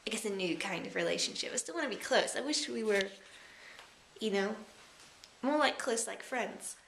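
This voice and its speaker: A woman's voice: mid-range voice, animated, vocal fry, a bit bright. Young woman, Australian accent, reflective rambling vlog, roomy echo, faint hiss behind. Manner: rambling, reflective, halting with many fillers. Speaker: vlogger. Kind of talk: rambling personal time-capsule vlog. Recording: echoey room with faint background noise.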